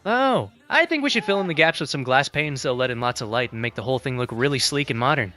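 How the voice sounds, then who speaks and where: A cheerful, polite synthetic AI assistant voice that chats in a smooth, upbeat way. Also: mid-range voice, lively intonation, fast, bright, forceful tone, faint music behind. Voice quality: smooth synthetic text-to-speech voice. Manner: polite, upbeat, forgetful suggestions. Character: cheerful chatty AI building assistant.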